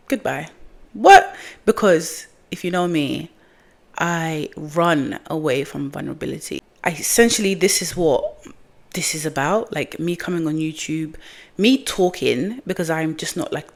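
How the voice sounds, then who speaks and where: A woman's voice: sits low, normal speed. A young woman talking candidly and rambling in a casual vlog, mocking herself now and then. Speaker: vlogger. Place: outdoors in the sun, windy.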